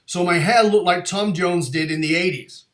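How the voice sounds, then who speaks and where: Fiftyish guy hosting a chat show, highish voice, laughs a lot, echoey room. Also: normal speed. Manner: lively storyteller, laughs often. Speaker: podcast host. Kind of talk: casual interview chat. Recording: roomy echo.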